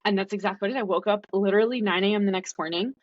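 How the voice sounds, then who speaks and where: Racing along in a mid-range voice, a woman shares her story as a guest on a podcast, chatty and peppered with "like." There's no echo, and the lo-fi audio comes across dry and dull.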